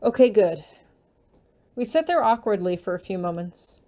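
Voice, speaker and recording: Mellow-voiced woman reading fan fiction. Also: medium pitch, lively intonation, moderate pace.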